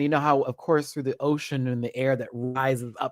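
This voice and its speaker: A man's voice: on the high side, a little fast, few pauses, no room sound, clean studio sound. A man hosting a live-stream show, chatting casually and expressively while recapping TV and acting out quotes. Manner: animated and expressive, swears, acts out quotes.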